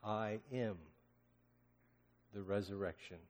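A man's voice: on the low side, fairly even intonation, takes it slowly. Preaching man in a reverberant hall. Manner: dramatic, swings from loud cries to hushed murmurs. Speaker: pastor. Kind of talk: sermon.

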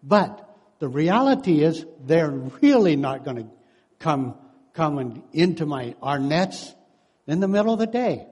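A man's voice: on the high side, big pitch swings, unhurried, darkish tone, breathy edge. A man in his sixties giving a sermon, telling stories and acting out what people said, with frequent chuckles. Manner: storytelling, acts out quotes, chuckles often. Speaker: preacher and counselor. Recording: long hall reverb.

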